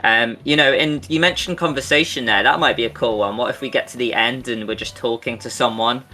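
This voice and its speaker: A man's voice: mid-range voice, brisk, bright, forceful tone, faint music behind. A man co-hosting a podcast, chatty and enthusiastic, with casual swearing. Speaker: podcast co-host. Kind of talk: casual Q&A chat.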